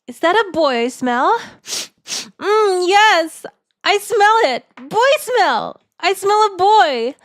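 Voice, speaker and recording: A man's voice: very high voice, sing-song, takes it slowly, fairly bright tone, dry recording, clean studio sound, voice pushed up, heavily acted. A man voicing a giddy, boy-crazy girl who swoons over a scent, gushing breathlessly and over the top, as he reads out a fan voicemail in character. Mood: giddy swooning.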